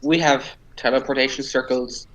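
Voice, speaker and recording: A man's voice: mid-range voice, level tone, moderate pace, fairly bright tone, poor audio. Earnest stammering man at a game table. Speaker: player. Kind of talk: in-character tabletop play.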